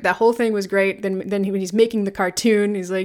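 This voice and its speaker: A woman in easy conversation about a film she clearly loves. She talks with animation, dropping into quick impressions of the characters and laughing often. Her voice sits at an ordinary middle pitch for a woman. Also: a little mellow. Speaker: podcast co-host. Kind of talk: casual movie review chat.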